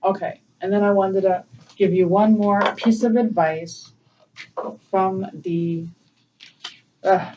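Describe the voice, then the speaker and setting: A woman giving a casual spiritual tarot reading, gentle and emotional, laughing often. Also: steady tone, slow, pauses often. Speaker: tarot reader. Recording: distant, dull low-fi mic with faint noise.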